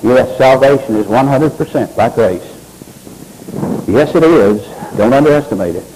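A man's voice: mid-range voice, moderate pace, mellow, a little hiss or hum, poor audio. A man preaching a sermon in a church, reading scripture aloud and calling on members of the congregation by name. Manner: preaching with swooping emphasis, addresses congregants by name. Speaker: pastor.

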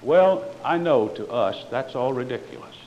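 Fervent preacher man, wide-swinging pitch. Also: expressive, normal speed, muffled recording, a little hiss or hum. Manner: fervent, swings between loud declarations and quiet asides; sarcastic toward other preachers. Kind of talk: sermon.

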